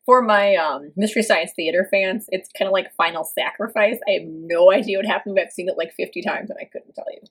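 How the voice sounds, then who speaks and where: A woman co-host with a somewhat raspy, breathy voice chats casually about a confusing film. She keeps exclaiming in disbelief, her pitch sitting in an ordinary middle range. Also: fairly quick, hardly any pauses, a bit bright. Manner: incredulous, exclaiming. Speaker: podcast co-host. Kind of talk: casual movie-review chat.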